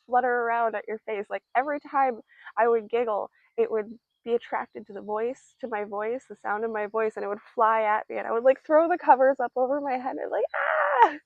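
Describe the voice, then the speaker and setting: A woman's voice: a little high, fairly quick, no room sound, narrow, tinny audio. A young woman giving a casual tarot reading, chatty and playful, with many fillers and giggles. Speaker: tarot reader.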